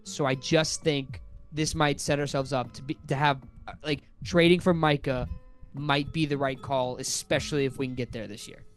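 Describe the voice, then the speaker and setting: A man co-hosting a sports podcast, talking in an excited, rambling way as a fan. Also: mid-range voice, normal speed, faint music behind. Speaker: podcast co-host. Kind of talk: casual sports chat.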